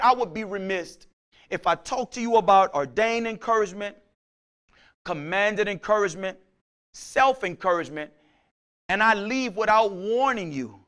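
A male pastor preaching with a high voice. He calls out scripture with fervor and keeps returning to "Praise the Lord." At times he drops to a low, quiet prayer. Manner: impassioned preaching, shouting out scripture; repeats "Praise the Lord" between points. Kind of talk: sermon.

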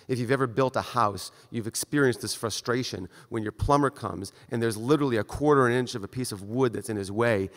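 A male surgeon giving a conference lecture in a direct, conversational way. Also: medium pitch. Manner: conversational, direct, acts out brief exchanges. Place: lecture hall. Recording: long reverb of a lecture hall.

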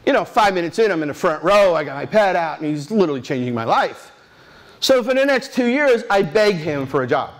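A man in his sixties speaks from a conference stage, his voice sitting a bit higher than most men's. He rambles through his stories with restarts and quick asides, animated and unpolished. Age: 60s. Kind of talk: storytelling conference talk.

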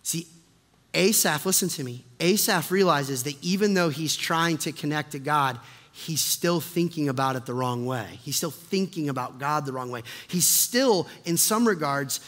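A man preaching a sermon as pastor, impassioned, swinging from hushed reflection to loud urgent questions. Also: fairly high pitch, normal speed. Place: church sanctuary. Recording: long hall reverb.

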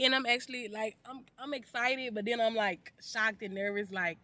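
A woman's voice: medium pitch, expressive, brisk. A young woman vlogging from her car, chatting casually in a rambling, chatty way and swearing now and then. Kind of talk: casual vlog chat. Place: inside a car. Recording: loud car and road noise.

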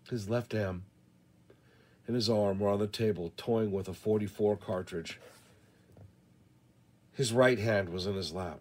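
A man reading a western novel aloud in the first person, measured and deliberate. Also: fairly low pitch, a little mellow. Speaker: audiobook reader. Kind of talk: first-person audiobook narration.

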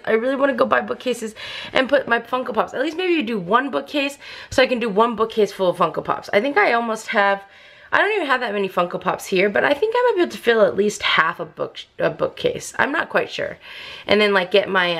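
Gravelly-voiced woman ranting to camera. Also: medium pitch, a bit bright. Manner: exasperated ranting, repeats herself. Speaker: vlogger. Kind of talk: casual vlog talk to camera.

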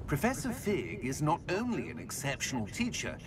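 A jovial English ministry wizard. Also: male voice, on the high side, huge pitch swings, moderate pace, noisy background. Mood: chatty. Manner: chatty, chuckling. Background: game music.

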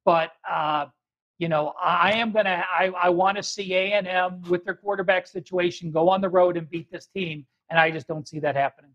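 A man's voice: high-pitched, fairly even intonation, fairly quick, fairly bright tone, highs cut off. A man on a sports betting panel, giving his pick hesitantly with plenty of fillers. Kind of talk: casual panel talk.

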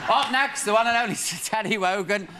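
A man hosting a TV chat show, reading viewers' letters with cheeky, quick-witted comic asides. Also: high-pitched. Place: TV studio with live audience. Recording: TV broadcast with loud audience and noise.

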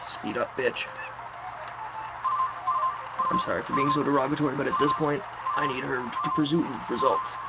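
A man's voice: medium pitch, vocal fry, low-quality recording. A man hosting a let's play video, giving gameplay commentary and swearing and ranting at the game. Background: game music.

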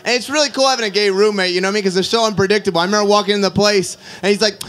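A young man performing a stand-up set, telling animated stories with acted-out quotes. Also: high-pitched, very fast, hardly any pauses. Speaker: stand-up comedian.

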